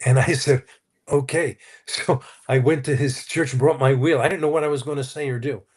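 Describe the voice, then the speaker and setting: This Christian counselor's voice is husky and medium-pitched, with fairly even intonation and a moderate pace. Interviewed conversationally, he recounts his testimony earnestly through anecdotes, quoting others as he goes.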